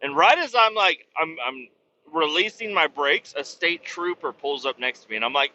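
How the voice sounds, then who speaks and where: Behind the wheel of his truck, a podcast host tells a crude, self-mocking tale in a casual, rambling style, his fairly high voice expressive, pushed, and bright at normal speed. He's slightly wheezy, and the dull lo-fi recording carries a little hiss or hum.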